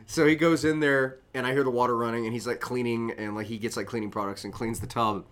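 A man's voice: medium pitch, fairly even intonation, quick pace, hardly any pauses. A young man co-hosting a podcast, telling a long, rambling, profane story in casual chat. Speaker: podcast co-host.

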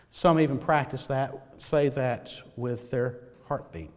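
A male pastor preaching a sermon, swinging between loud emphasis and hushed, near-whispered lines. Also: medium pitch, slow pace, hardly any pauses, long reverb tail.

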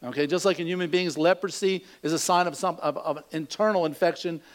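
A man's voice: on the high side, steady tone, fairly quick. A man preaching a sermon, telling a joke in a folksy storytelling way before teaching from scripture. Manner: folksy storytelling, acts out voices in jokes. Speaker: pastor.

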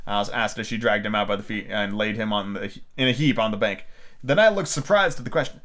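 A man's voice: on the low side, quick pace, a bit bright. A man casually reading a book aloud as a podcast host, with fillers, slips and crude asides.

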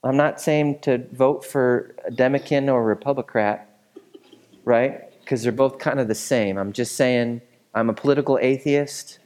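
A man's voice: medium pitch, moderate pace, darkish tone. A male pastor delivering a sermon in an easygoing, conversational manner. He explains the passage with frequent asides and checks in with his listeners, never stiff or formal. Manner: casual, conversational teaching with fillers and asides.

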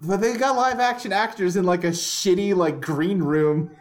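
A man's voice: high voice, moderate pace. A man hosting a podcast who talks in a casual, rambling way and laughs often. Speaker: podcast host. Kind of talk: casual chat.

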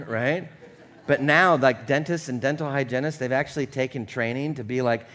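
A man preaching a conversational sermon, casual and chatty, often checking in with the congregation and dropping low and quiet for earnest points. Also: animated, fairly quick. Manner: casual and chatty, with frequent "like" and "right?". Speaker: pastor.

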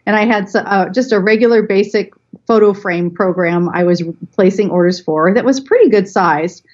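A woman guest on a podcast tells a story from her working life, chatty and animated. Her voice sits mid-range. The recording sounds slightly dull and lo-fi. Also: mid-range voice, normal speed. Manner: chatty, animated anecdote telling with laughs. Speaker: guest, business consultant.

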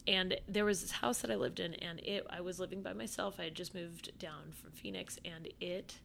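A woman guest on a podcast telling a story in casual chat, animated and profane, with lots of fillers. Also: on the low side, normal speed, vocal fry, slight background noise.

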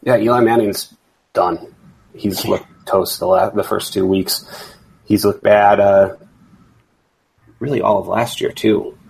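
A man hosting a casual fantasy football podcast chat as league commissioner, rambling with halting restarts. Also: fairly low pitch, steady tone, creaky, darkish tone, a little hiss or hum, poor audio.

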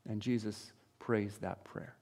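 A man preaching a sermon to his congregation, firing off rhetorical questions and swinging between loud exclamations and quiet, low asides. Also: fairly even intonation, takes it slowly, creaky, in a large hall. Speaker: pastor.

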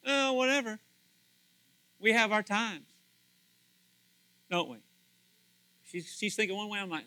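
A male pastor preaching a sermon in an animated, conversational way, often repeating words and acting out what others say. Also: high-pitched, unhurried, long pauses, no room sound, rough recording.

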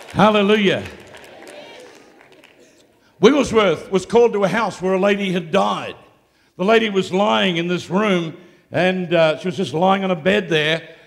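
A man preaching live to a congregation, moving between hushed storytelling and loud, shouted declarations. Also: high-pitched, measured pace, vocal fry, pauses often, in a large hall, some chatter behind. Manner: swings from quiet storytelling to shouted exclamations. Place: large hall, live event.

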